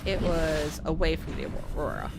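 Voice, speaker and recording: A woman's voice: low voice, moderate pace, heavy background noise. A woman streaming a video game, chatting casually to her viewers and to herself as she plays. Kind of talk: casual let's-play commentary. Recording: game music under the voice. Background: game music and sounds.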